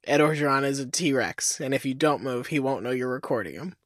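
A man's voice: medium pitch, lively intonation, a little fast, a bit bright, dry recording. A man co-hosting a comedic podcast, speaking in a mock-serious, sarcastic way. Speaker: podcast co-host.

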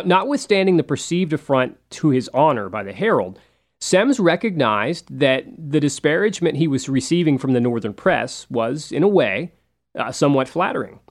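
A man with a voice on the high side hosts a history show. He tells the story in a relaxed, conversational way, with frequent fillers and asides.

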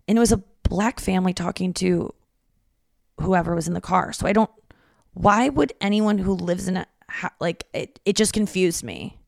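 A woman with a lowish, creaky, darkish voice, speaking at normal speed, hosts a comedy podcast by herself from home. She rambles casually, swears a lot, and acts out conversations, all in a dry, studio-quality recording.

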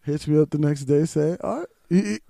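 Young dude hosting a podcast, teasing his buddy, high voice, dry close mic. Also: a little fast, creaky, warm tone, no echo. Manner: teasing, laughs a lot, profane. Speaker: podcast host. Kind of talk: casual podcast banter.

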